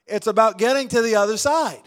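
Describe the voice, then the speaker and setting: High-voiced man preaching with big swings. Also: fairly quick. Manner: dynamic preaching, swings from loud to hushed, calls on congregation. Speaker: pastor. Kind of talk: sermon.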